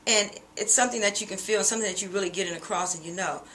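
A middle-aged woman talks through a singing lesson in a bright, clear voice, explaining at an easy, chatty pace with the odd "uh" and "um". A faint room ambience sits quietly behind her. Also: medium pitch, racing, a little hiss or hum. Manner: relaxed, conversational explaining with frequent fillers. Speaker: singing teacher. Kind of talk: vocal lesson with sung demonstrations.

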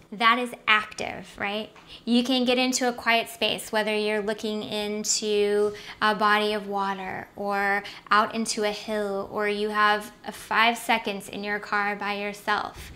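A woman's voice: medium pitch, sharp tone, a little hiss or hum. A woman hosting a self-help video series, giving an upbeat motivational talk to the camera and often checking in with "right?".

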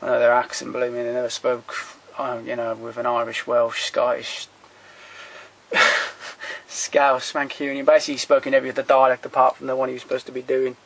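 A man rambles casually through his home film collection, blunt and opinionated, cursing freely and trailing off between titles, all captured on a handheld camera. His medium-pitched voice is creaky and monotone, and he talks briskly.

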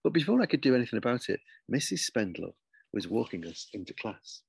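Gravelly-voiced man reading a story. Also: mid-range voice, fairly quick. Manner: lively, expressive storytelling. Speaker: author reading his book.

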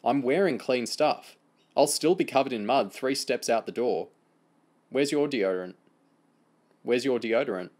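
A man's voice: mid-range voice, unhurried, long pauses, a little mellow, voice pushed up, lightly acted. A man voicing a grumbling teenage boy. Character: sulky teenage boy, cheeky and teasing.

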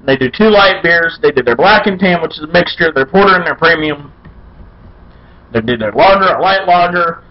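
A man hosting a casual beer review vlog, loud, folksy and irreverent, with playful chants. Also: on the high side, expressive, normal speed, muffled recording. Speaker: beer review show host.

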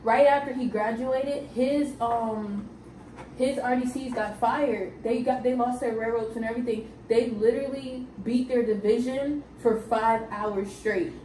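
A young woman chatting in quick slang and laughing as she swaps boot camp stories with her roommates. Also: fairly high pitch, fairly even intonation, mellow, recorded from a distance. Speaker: Navy recruit. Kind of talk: casual chat among roommates. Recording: echoey room, camera from afar, faint hiss.

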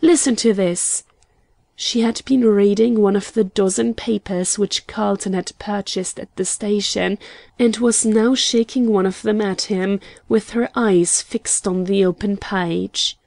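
A woman narrating an audiobook in a measured, unhurried reading style. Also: mid-range voice, fairly even intonation, gravelly, darkish tone, dry recording. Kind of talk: scripted narration.

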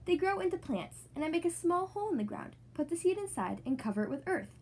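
Gentle old grandpa pig explaining things slowly, read by a woman, storybook. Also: very high-pitched, big pitch swings, pitched above the performer's own voice, exaggerated voice. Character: kindly old grandpa pig, patient gardener.

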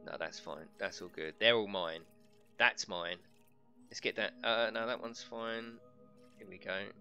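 A man's voice: lowish voice, fairly even intonation, a little slow, pushed and bright, soft background music. A middle-aged man casually commentating a live game stream, chatting and joking with his viewers. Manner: jokey, chatty, reads out chat and laughs often.

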